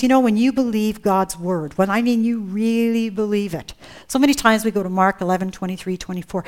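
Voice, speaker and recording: Woman preacher, emphatic, questioning sermon delivery, slightly high pitch. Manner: earnest and emphatic, with rhetorical questions.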